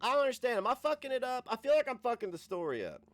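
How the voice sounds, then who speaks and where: Crude joking male streamer, high voice. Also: very animated, very fast, fairly bright tone, no echo. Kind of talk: casual commentary over old ads.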